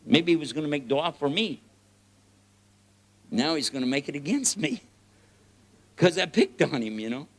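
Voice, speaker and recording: A man with a Texan accent preaching a lively, joking sermon, often laughing and swinging between loud and soft. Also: medium pitch. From United States.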